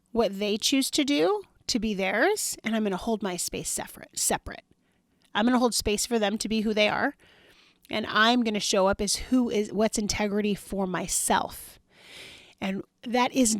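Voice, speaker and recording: A woman's voice: mid-range voice, no echo, clean studio sound. A woman hosting a podcast, talking earnestly in a casual, chatty way and speaking straight to her listeners. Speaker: podcast host. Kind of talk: casual motivational monologue.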